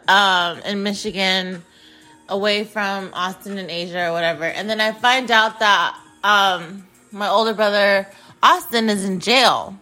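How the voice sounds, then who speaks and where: Young woman, podcast host, candid storytelling, profane, filler-heavy, average pitch, faint music behind. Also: pushed and bright. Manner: candid, profane, emotional, lots of filler words. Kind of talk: personal storytelling.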